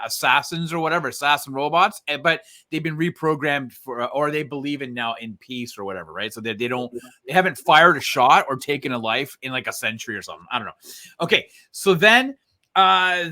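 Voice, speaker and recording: A man's voice: fairly high pitch, sharp tone. A man co-hosting a casual review chat, retelling a film's plot in a rambling way full of fillers. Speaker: co-host reviewing a film.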